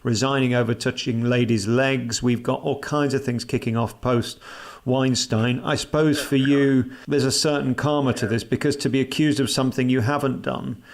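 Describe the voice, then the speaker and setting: A man's voice: medium pitch, fairly even intonation, normal speed, few pauses. A man hosting a radio interview, asking jokey, opinionated questions in a casual chat.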